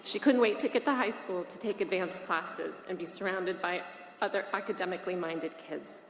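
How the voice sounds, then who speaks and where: A woman's voice: lowish voice, normal speed. A woman in her forties from Massachusetts, a parent reading prepared testimony at a public hearing in a formal, earnest and emotional way. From Massachusetts, USA. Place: large state legislative hearing room. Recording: echoey hall from mid distance, faint hiss.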